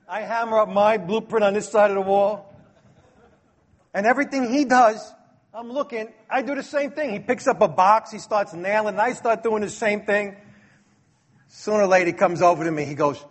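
A man's voice: sits high, normal speed. A middle-aged man from Brooklyn, telling a personal story and acting out the dialogue with chuckles. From Brooklyn, New York. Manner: lively, acts out dialogue, chuckles.

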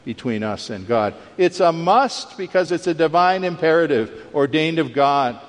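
A man preaching a sermon, emphatic, rising sharply in pitch when he acts out quoted lines. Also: animated, moderate pace. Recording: long reverb of a large hall.

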